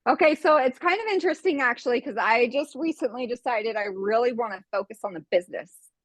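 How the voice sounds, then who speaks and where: A woman's voice: fairly high pitch, no echo. A woman in her forties on a video call, chatty and slightly out of breath as she tells a story. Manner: chatty, storytelling, quick bursts. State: a little out of breath. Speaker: team member sharing tips. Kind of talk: casual video call chat.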